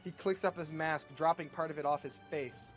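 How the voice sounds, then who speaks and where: A man's voice: fairly high pitch, fairly even intonation, normal speed, soft background music. A man reading his self-written comic script aloud as a casual, profane narrator. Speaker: YouTube creator.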